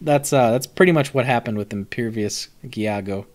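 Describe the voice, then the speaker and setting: A young man gives casual, animated live-stream commentary on a card set, cracking jokes, swearing, and answering his chat. His voice is medium-pitched and he speaks at a normal speed.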